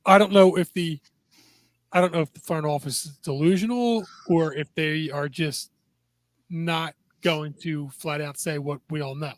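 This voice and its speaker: Skeptical higher-voiced sports guy. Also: measured pace, no room sound. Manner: skeptical, asks pointed questions. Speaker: podcast co-host. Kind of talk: casual sports chat.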